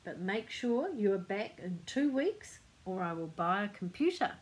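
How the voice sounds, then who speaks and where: A grumpy male office boss who speaks curtly and crossly, as a grandmother reads his lines. The voice stays close to her own, just firmer and a little louder. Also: mid-range voice, expressive, a little slow, natural voice, poor audio. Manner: curt, cross.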